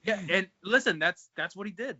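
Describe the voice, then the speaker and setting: A man's voice: sits high, brisk, sharp tone, slightly rough, dry recording. A man who wrestles, chatting casually in an interview, swearing freely and calling people man and bro, over a video call. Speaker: pro wrestler guest. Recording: dull lo-fi sound.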